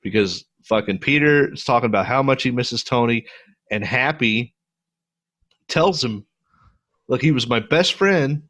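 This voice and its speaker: A middle-aged man co-hosting a podcast, casually and profanely retelling movie scenes with lively voices. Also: medium pitch, unhurried, long pauses. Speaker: podcast co-host. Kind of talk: casual movie review chat.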